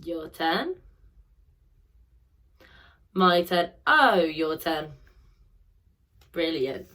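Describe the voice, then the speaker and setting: A woman's voice: deep voice, big pitch swings, very slow, fairly bright tone. A young woman teaching a phonics lesson to children, drilling sounds in call and response and praising each answer.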